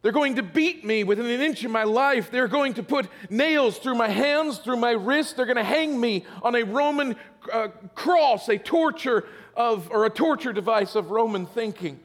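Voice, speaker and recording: Pastor, man, middle-aged, high-set voice, storytelling with jokes at his own expense; long hall reverb. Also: moderate pace. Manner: storytelling, self-deprecating humor, repeats words when building. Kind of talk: sermon.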